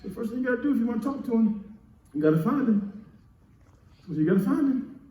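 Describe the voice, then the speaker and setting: A man preaching a sermon as pastor, building up to shouts and calling for answers from the congregation. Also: very high-pitched, expressive, fast, slight background noise. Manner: preaching with rising shouts and call-and-response. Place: church sanctuary. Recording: echoey church, mic heard from a distance.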